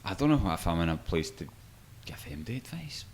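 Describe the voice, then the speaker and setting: A man's voice: low voice, sing-song, fairly quick. A young man co-hosting a podcast, rambling hesitantly and putting himself down in casual chat. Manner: hesitant, rambling, self-deprecating. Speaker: podcast co-host.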